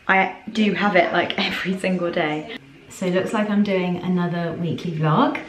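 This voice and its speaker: Chatty young woman vlogging, low voice. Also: echoey room, rough recording. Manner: chatty, rambling, full of "like". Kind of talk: casual chatty vlog.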